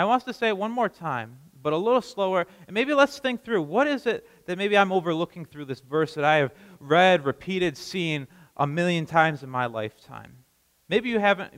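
A man's voice: fairly high pitch, expressive, brisk, fairly bright tone, big-room sound, rough recording. A man giving a sermon as pastor, talking in a conversational way with frequent restarts and repeated words.

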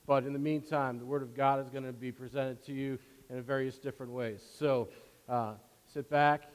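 A man's voice: medium pitch, fairly even intonation, normal speed, clear, resonant tone, big-room sound. A man preaching a sermon as pastor, casual and full of fillers, building in force.

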